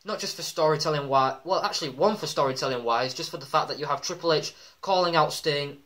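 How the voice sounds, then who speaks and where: Man, slightly high voice, casual vlog commentary, excitable, lots of ums. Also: fast, few pauses. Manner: excitable, many ums, acts out quoted shouts. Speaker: wrestling vlogger.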